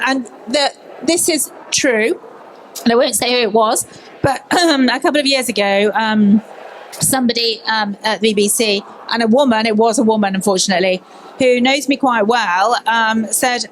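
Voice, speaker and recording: A woman's voice: fairly high pitch, normal speed, slight background noise, low-quality recording. A woman news presenter from Birmingham, speaking candidly and telling stories in a conference panel discussion. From Birmingham, England. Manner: candid, animated storytelling.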